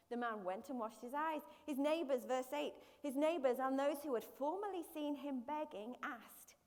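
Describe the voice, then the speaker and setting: A woman preaching a lively sermon to her church, acting out everyday voices. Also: sits high, normal speed. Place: church hall. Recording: live church stream with hall reverb.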